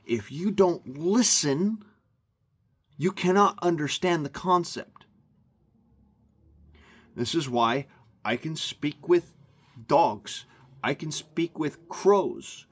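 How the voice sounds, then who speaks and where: A man's voice: a little high, lively intonation, takes it slowly, pauses often, breathy edge. A man ranting into the camera for his vlog, emphatic and meandering, often repeating himself. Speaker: vlogger. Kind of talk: rambling rant to camera.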